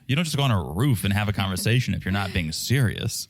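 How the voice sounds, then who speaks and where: Low-voiced man, wry podcast co-host. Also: a little fast, few pauses, no room sound, clean studio sound. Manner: wry, jokey asides with quoted voices. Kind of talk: casual recap chat.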